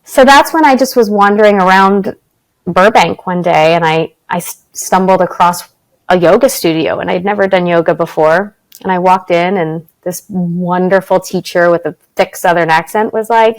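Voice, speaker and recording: A woman's voice: on the low side, normal speed, rough recording. A middle-aged woman from Canada, a guest on an interview podcast, telling personal stories with laughter and acted-out quotes. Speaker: podcast guest, actress and spiritual teacher. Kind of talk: casual interview storytelling.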